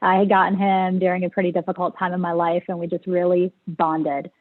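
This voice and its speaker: A woman's voice: fairly low pitch, flat delivery, brisk. A woman guest telling a personal story in an interview, hesitant and emotional, with many fillers. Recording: tinny phone-like line.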